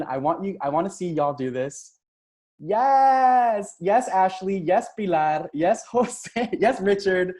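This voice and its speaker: A man leading a live online coaching session, upbeat and hyping up the chat with cheers and quick shout-outs, talking into a computer mic on a video call. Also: medium pitch. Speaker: transformational coach.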